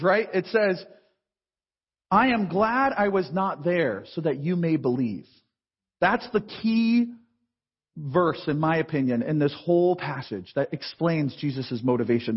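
Husky-voiced high preacher in a cathedral. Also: male voice. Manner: conversational preaching, acting out Bible voices. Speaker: pastor. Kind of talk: sermon. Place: large cathedral. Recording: long church reverb, dull sound.

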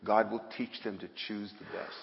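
A man's voice: lowish voice, level tone, moderate pace, gravelly. Male preacher, folksy sermon delivery with emphatic peaks, muffled hall recording with a long echo. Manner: folksy, rising to emphatic bursts. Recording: dull sound in a hall with long reverb.

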